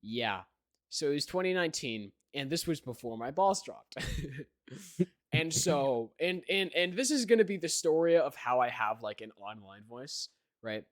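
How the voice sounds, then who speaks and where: A man's voice: fairly high pitch, animated, a little slow, dry recording, studio quality. A teenage young man hosting a podcast, telling a story in a rambling way, full of fillers and "right?" check-ins. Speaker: podcast host. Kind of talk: casual chat.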